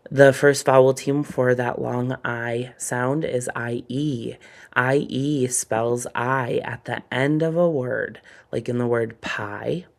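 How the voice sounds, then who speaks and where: A male teacher leads a phonics lesson at a very unhurried pace. He sounds out each word letter by letter before saying it whole, and his voice carries a gravelly edge. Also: medium pitch. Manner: slow, deliberate sounding-out of words.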